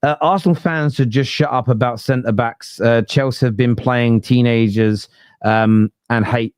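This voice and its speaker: Man, blunt football podcast host, dry close sound, middle pitch. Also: a little slow, clean tone, dry recording. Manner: blunt, animated, quotes stats. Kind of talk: casual football debate.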